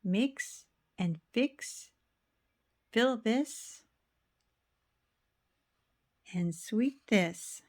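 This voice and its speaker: A woman voicing a busy, cheerful male house painter in a children's storybook, speaking in bright, eager exclamations. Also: a little high, lively intonation, very slow, exaggerated voice.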